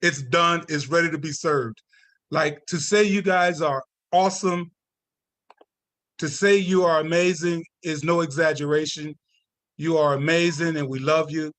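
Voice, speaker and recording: A man giving heartfelt closing remarks on a video call, emotional and close to tears, thanking people warmly in loose casual phrasing. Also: on the high side, steady tone, unhurried. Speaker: closing speaker at an advocacy event.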